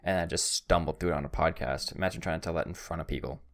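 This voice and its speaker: A deep, fairly bright male voice moves at a quick pace. He's a young podcast host casually sharing a story at his own expense, voicing both sides of the conversation and occasionally fumbling and beginning again.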